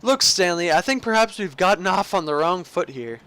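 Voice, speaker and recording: With a high, bright, clean voice and lively intonation, the young gamer speaks at a moderate pace. He reads the game's narration aloud during his let's play, goofing around and rambling, stumbling and restarting along the way.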